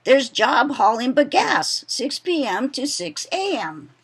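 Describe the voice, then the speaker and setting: A woman's voice: high-pitched, big pitch swings, slow, slightly rough, pitched above the performer's own voice, full character voice. Woman reading as a brash young plantation worker. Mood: defiant. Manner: reads quoted dialogue in local pidgin.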